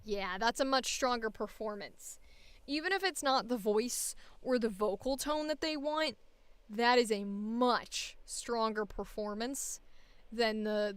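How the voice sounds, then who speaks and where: A woman's voice: medium pitch, fairly bright tone, clean tone. A woman voice actor talking casually to herself while recording audition takes, frank and chatty. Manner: frank, chatty, self-critical.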